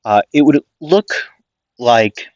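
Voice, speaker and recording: A man's voice: medium pitch, lively intonation, takes it slowly, darkish tone, no echo, muffled recording. A young man casually improvising a fan story, rambling with many fillers and restarts.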